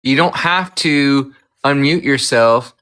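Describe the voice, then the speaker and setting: A man hosting a livestream debate panel, measured and trying to calm things down. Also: mid-range voice, clean tone.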